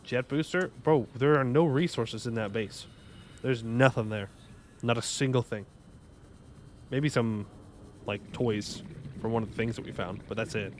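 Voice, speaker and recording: A man's voice: mid-range voice, measured pace, pauses often, a little hiss or hum. A young man streaming a game live, joking, rambling and bantering with his chat in a casual way. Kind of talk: casual gaming livestream commentary.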